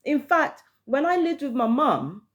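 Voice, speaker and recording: Brief: woman vlogger, somewhat high voice, heated profane rant. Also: big pitch swings, a little slow. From London, England. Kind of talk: casual monologue to camera.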